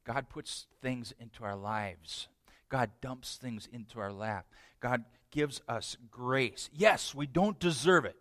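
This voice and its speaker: A man preaching a sermon in an animated way, asking the congregation questions. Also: mid-range voice, slow pace, no room sound, clean studio sound. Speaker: pastor.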